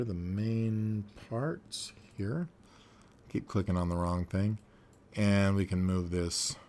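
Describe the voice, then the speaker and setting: Man, low-pitched, slow, casual tutorial narration, thinking aloud, fillers. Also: darkish tone, a little hiss or hum. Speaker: animation tutorial host.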